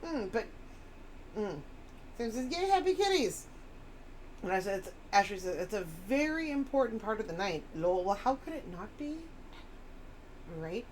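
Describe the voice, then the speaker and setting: A woman's voice: medium pitch, animated, normal speed, long pauses, slight background noise. A woman chatting casually on a live stream, rambling and reading chat messages aloud.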